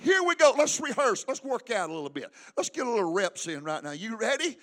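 A pastor preaches a sermon at a church service in a high-pitched, sing-song, fairly bright voice, a little fast. He's fervent and emphatic, using call-and-response prompts that urge the congregation to repeat after him.

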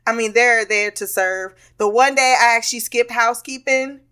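A woman's voice: a little high, normal speed, pushed and bright, smooth. A woman hosting a podcast, telling a rambling, candid story in a casual monologue with frequent laughter and swearing. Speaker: podcast host.

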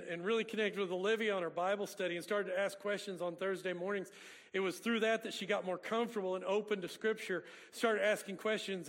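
A man's voice: sits high, gravelly, fairly bright tone. A man, a pastor preaching a sermon with folksy storytelling. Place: church sanctuary. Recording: long reverb of a church hall.

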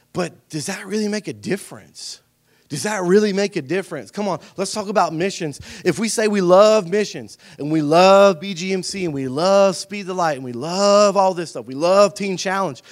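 Preacher swinging from hush to shouts. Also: male voice, high voice. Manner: swings from hushed and intimate to shouted emphasis, calls for response. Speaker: pastor. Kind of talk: sermon. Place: church sanctuary.

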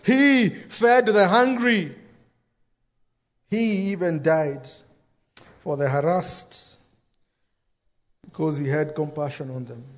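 A pastor preaching a sermon, dropping into quoted voices for emphasis. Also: male voice, fairly high pitch, slow, pauses often.

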